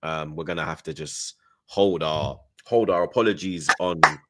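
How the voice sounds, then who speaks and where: Low-voiced host, slang-heavy casual football stream chat. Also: male voice, moderate pace, heavy background noise. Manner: London slang-heavy, says 'blood' and 'you get me' often.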